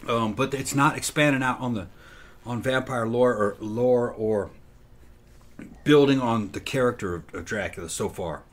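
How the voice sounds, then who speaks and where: A man chatting casually about old films, halting and restarting often, swearing freely. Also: mid-range voice.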